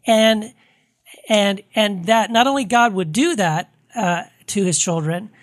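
A woman's voice: mid-range voice, measured pace, dry recording. A woman co-hosting a live podcast, speaking earnestly and repeating words for emphasis. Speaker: podcast co-host.

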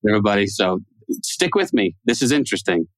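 A man's voice: lowish voice, sing-song, fast, no echo. A man co-hosting a casual podcast chat, goofy and rambling, laughing often. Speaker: podcast co-host.

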